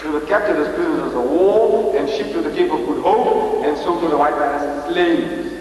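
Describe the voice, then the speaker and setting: A man's voice: a little high, normal speed, darkish tone, distant mic, a little hiss or hum. An older man with a South African accent giving an emphatic public lecture, repeating phrases and asking the crowd rhetorical questions. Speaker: Islamic lecturer. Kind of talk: public lecture to a live audience. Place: large hall with live audience. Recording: echoey hall recorded from afar.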